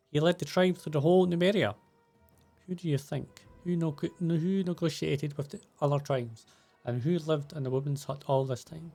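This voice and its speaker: A man's voice: fairly high pitch, gravelly, dark tone. A man reading the lines of a resentful, reproachful tribeswoman aloud from game subtitles, in his own voice.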